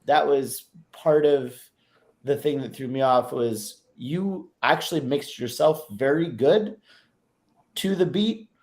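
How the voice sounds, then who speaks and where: A man's voice: mid-range voice, takes it slowly, a little mellow. A man co-hosting a casual music review stream, frank and laid-back, swearing freely.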